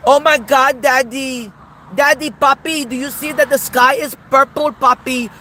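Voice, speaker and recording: A man putting on a whiny, shrill, pleading voice for a mocking impression of another grown man. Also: fairly even intonation, unhurried, pushed and bright, a little hiss or hum, full character voice. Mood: overexcited.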